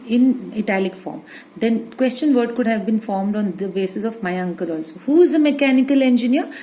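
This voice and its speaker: A woman's voice: medium pitch, warm tone, a little hiss or hum, poor audio. A woman teacher with an Indian English accent, giving a grammar lesson to children and dictating the example sentences word by word.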